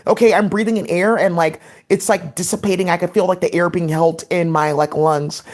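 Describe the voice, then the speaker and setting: Fast, rambling woman vlogger. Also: fairly low pitch, fairly even intonation. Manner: rapid, scattered, many "like" fillers. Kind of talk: rambling casual monologue.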